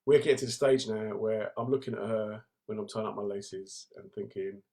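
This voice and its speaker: A man's voice: lowish voice, fairly even intonation, moderate pace, mellow. A man hosting a casual live stream from home, joking with viewers and greeting commenters by name.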